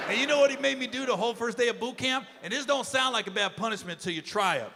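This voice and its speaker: A man tells a stand-up story in a loose, profane style, slipping into the voices of the people he describes. His voice sits high. He is recorded live in a big, echoing hall with a laughing crowd behind him. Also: quick pace. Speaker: stand-up comedian. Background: audience laughing.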